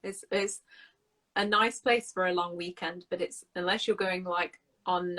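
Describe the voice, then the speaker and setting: A woman's voice: lowish voice, fairly even intonation, a little slow, fairly bright tone, low-quality recording. A woman in casual chat about accents, talking in a chatty way with many fillers and often laughing. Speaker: co-host, English teacher.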